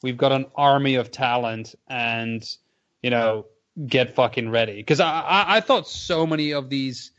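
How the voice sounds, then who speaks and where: A man's voice: mid-range voice, unhurried, fairly bright tone, dull audio. A man co-hosting a boxing podcast in casual, rambling chat, swearing a lot and laughing often. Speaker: podcast co-host.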